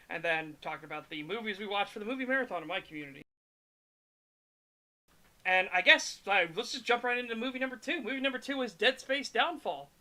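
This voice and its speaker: A woman's voice: mid-range voice, sharp tone. A woman hosting a stream, chatting casually about movies, swearing freely and laughing often. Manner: laughing, swearing, acting out characters. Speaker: streamer host.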